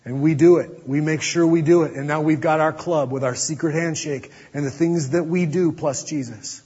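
A man preaching a sermon as pastor, earnest, dropping to a hush to press his points. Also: fairly high pitch, steady tone, moderate pace, husky. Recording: dull audio with long hall reverb.

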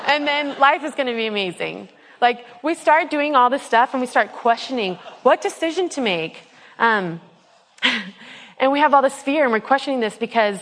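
A woman's voice: on the high side, a bit bright. A woman in her twenties sharing a personal faith testimony in an earnest, rambling way, with many ums and restarts. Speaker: speaker giving a personal testimony. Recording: long hall reverb.

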